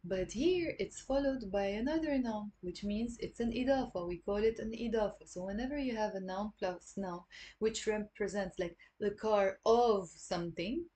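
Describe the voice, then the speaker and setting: A young woman with a Lebanese accent giving an online Arabic lesson, patiently repeating words slowly for learners. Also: mid-range voice, warm tone.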